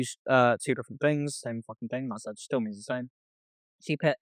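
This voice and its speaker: A man's voice: medium pitch, steady tone, moderate pace, clear, resonant tone, no echo. A young man co-hosting a casual podcast, telling a story by reading out text messages and swearing often. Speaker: podcast co-host. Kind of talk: casual chat.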